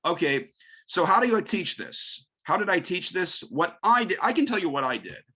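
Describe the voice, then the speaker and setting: Emphatic man with a bright, husky voice. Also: high voice, moderate pace. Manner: emphatic, lively, fires off rhetorical questions. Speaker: English teacher. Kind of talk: conference presentation.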